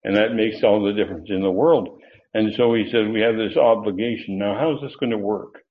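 A man's voice: fairly low pitch, brisk. Man preaching over tinny phone-like audio. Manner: teacherly, stresses key words with sudden lifts. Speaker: pastor. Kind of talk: expository sermon.

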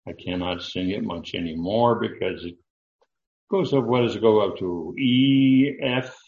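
Older bass-voiced preacher, slow and halting. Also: male voice, gravelly, a little mellow, echoey room, highs cut off. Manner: slow, halting, with many fillers and restarts. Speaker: pastor. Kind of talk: sermon.

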